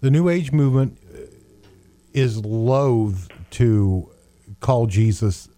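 A man with a mellow, dark voice explaining scripture in a lively storytelling way, acting out the quotes as he goes. His voice sounds close and dry. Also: medium pitch, slow, dry recording. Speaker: co-host. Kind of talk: Bible teaching conversation.

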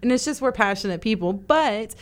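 A woman's voice: on the high side, animated, a little fast. A middle-aged woman guest on a radio talk show, explaining earnestly with lots of "you know.". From Italian-American family. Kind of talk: casual radio chat.

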